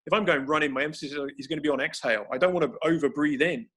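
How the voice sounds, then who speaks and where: A man's voice: on the high side, rapid-fire, a bit bright. A man explaining breathing techniques for grappling over a video call, thinking aloud with frequent restarts. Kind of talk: explanatory conversation.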